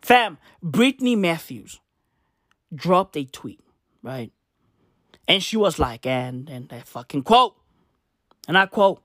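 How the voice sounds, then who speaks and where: A man's voice: on the high side, big pitch swings, takes it slowly, pauses often, a bit bright, no echo, studio quality. A man ranting comedically and profanely, full of slang and repeated rhetorical questions. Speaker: vlogger. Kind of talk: comedic rant. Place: in South Africa.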